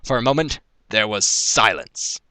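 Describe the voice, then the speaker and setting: A man reading a fan story aloud at an even storytelling pace, stumbling now and then over a word. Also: lowish voice, unhurried, dry recording. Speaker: fan fiction reader. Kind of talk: storytelling narration.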